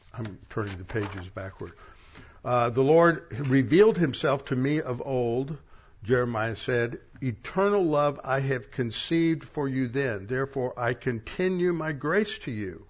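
A male pastor giving a sermon, reading verses aloud and pausing for plain-spoken asides. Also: mid-range voice, dull audio. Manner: reads verses aloud, stressing key words, with asides. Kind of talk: sermon teaching from scripture.

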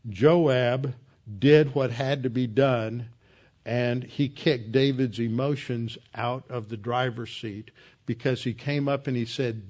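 A man teaching an expository Bible sermon in an emphatic, earnest manner, with an average pitch for a man. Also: steady tone, takes it slowly, a little mellow. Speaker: preacher.

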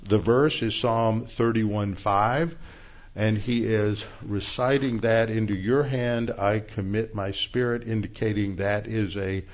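A man delivers a verse-by-verse sermon in a low voice at an unhurried pace. He teaches methodically, stopping to explain original-language terms. The recording sounds dull and muffled. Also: steady tone. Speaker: pastor. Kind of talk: expository Bible teaching.

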